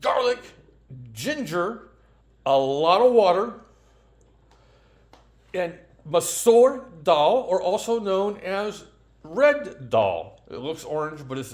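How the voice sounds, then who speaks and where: A man hosting a daily home cooking vlog, chatting casually and rambling a little, often correcting himself and chuckling at his own slips. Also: a little high. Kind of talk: casual chat.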